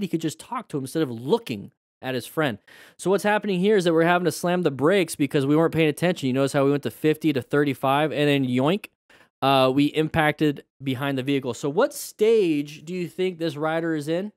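A man's voice: a little high, a little fast, no room sound. A man and riding instructor giving casual, joking commentary over motorcycle videos and talking straight to his viewers.

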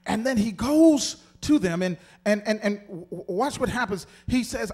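Male pastor, very high voice, animated sermon, calls out to the congregation. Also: normal speed.

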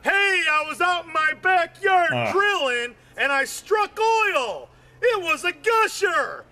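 A man telling loose, rambling stand-up jokes, adding "man" to nearly every line and breaking into shouts on the punchlines. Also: very high voice, sing-song, slow. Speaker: amateur comedian.

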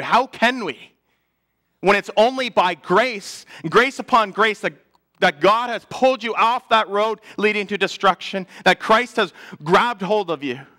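Bright-toned man preaching a sermon. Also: high-pitched. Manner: earnest preaching, swelling louder then dropping to a hush. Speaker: pastor. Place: church.

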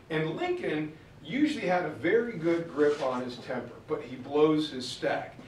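A man's voice: on the high side, lively intonation, measured pace, pauses often, slight background noise. A man giving a storytelling history lecture, acting out the quotes with shifting voices. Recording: roomy far-off mic recording.

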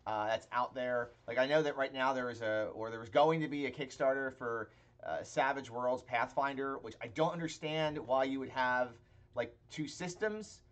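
This Pennsylvania man speaks in a mid-range, fairly bright voice at a moderate pace, with a Pittsburgh accent carrying a hint of Philadelphia. He co-hosts a laid-back tabletop-game podcast as game master, rambling along with plenty of filler sounds.

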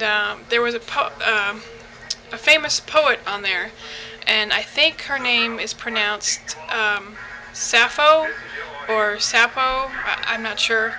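A young woman talks into her webcam in a casual video reply, her voice sitting a bit high. She hesitates often, filling gaps with ums and restarting her sentences. A steady hiss of noise runs under the recording. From United States. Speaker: vlogger.

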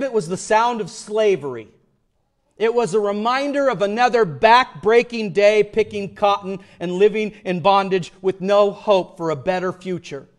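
A man preaching a sermon as pastor, swinging from loud emphatic lines to hushed, almost whispered ones. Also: sits high.

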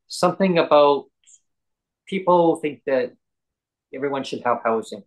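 A man chatting casually on a podcast, telling stories in a halting, rambling way with many ums and restarts. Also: medium pitch, rough recording. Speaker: podcast host and guest. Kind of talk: casual chat.

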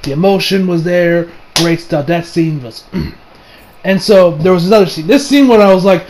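A young man giving a rambling, excitable movie review, swearing often and acting out lines in a high voice. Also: moderate pace, background noise. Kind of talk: casual spoken movie review.

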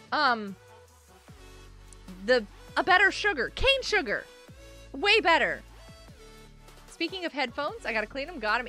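A woman's voice: high-pitched, sharp tone. A woman streaming a game, chatting and rambling casually into her microphone, laughing often and breaking into sudden squeals. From United States. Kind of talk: casual live-stream chat while gaming.

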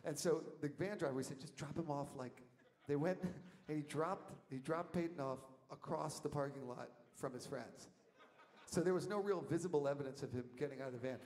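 A man telling a rambling story from the stage of a concert hall, animated and laughing, shouting out the lines he quotes. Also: on the high side, brisk. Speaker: musician telling stories on stage. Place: concert hall, live audience. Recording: audience tape in a reverberant hall, faint noise.

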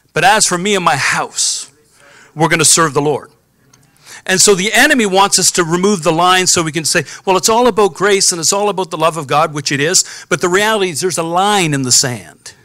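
Bright-voiced man preaching a sermon. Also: high-pitched, no room sound. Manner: calls out to the congregation for responses. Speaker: pastor. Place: church sanctuary.

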